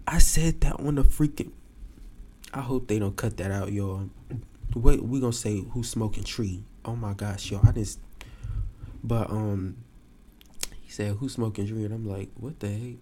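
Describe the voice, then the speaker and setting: Animated storytelling man, low mellow voice. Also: a little slow, pauses often, slight background noise. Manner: animated storytelling, addresses listeners as y'all. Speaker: podcast host. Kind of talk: casual storytime chat.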